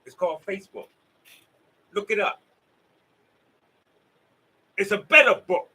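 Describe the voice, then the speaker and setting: A man's voice: high-pitched, animated, unhurried, sharp tone, husky, rough recording. A man with a Southern US accent giving a rambling, preachy motivational monologue straight to his viewers. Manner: preachy, emphatic, talks straight to the audience. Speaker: vlogger.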